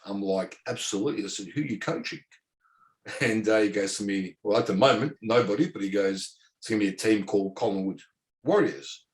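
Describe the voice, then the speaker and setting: Rambling Australian man, lowish voice. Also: fairly quick. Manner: rambling, repeats words, many fillers. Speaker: former professional footballer, guest. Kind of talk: casual interview storytelling.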